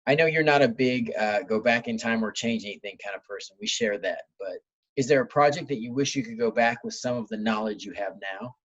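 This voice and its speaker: A man's voice: medium pitch, a little fast, fairly bright tone, breathy edge, highs cut off. A man hosting an interview, asking questions and giving short supportive reactions. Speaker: podcast host, interviewer. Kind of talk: conversational interview.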